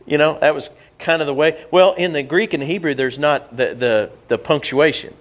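Conversational pastor man, higher voice. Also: moderate pace. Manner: conversational, repeats words and jumps back and forth. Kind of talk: sermon. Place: church sanctuary.

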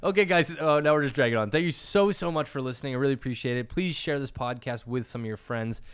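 A young man from Canada hosts a casual podcast, talking close into the mic. He tells long, rambling stories and leans heavily on "like" as a filler, with a voice of ordinary middle pitch. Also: fast talker, clean tone. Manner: rambling storyteller, lots of "like" fillers. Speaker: podcast host.

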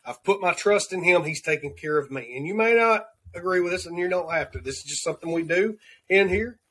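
A man's voice: high voice, lively intonation, a little fast, pushed and bright. A man with a Southern accent giving an earnest, rambling devotional segment as a podcast host, repeating words as he searches for them. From Southern United States. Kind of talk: devotional segment of a talk show.

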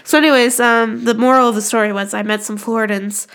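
A woman from Canada co-hosting a podcast, talking in loose, rambling chat. Her voice sits a little high, and she swears and jokes throughout. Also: fairly even intonation, fast, a bit bright, clean tone. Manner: rambling, swears freely, jokey. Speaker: podcast co-host. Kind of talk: casual chat.

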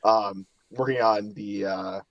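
A man guesting on a casual hobby podcast, relaxed and enthusiastic, laughing easily. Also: on the low side, slow, dry recording, highs cut off.

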